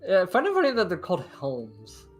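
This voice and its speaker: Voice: medium pitch, huge pitch swings, fairly quick, faint music behind. A co-host in casual gaming chat, jokey and chatty, often trailing off mid-sentence. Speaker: game co-host.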